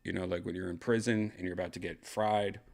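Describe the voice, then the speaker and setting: An older man hosts a casual chat show from a second-floor room in his home, rambling and cracking crude jokes. His voice is low, gravelly and darkish, with a steady tone and fast delivery.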